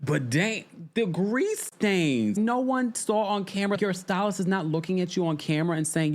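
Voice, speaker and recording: Man, podcast host, reality TV recap, exasperated, chatty, fairly high voice, very lively pitch. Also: normal speed, few pauses. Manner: exasperated, animated, chatty, talks to the chat. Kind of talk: casual reality TV recap chat.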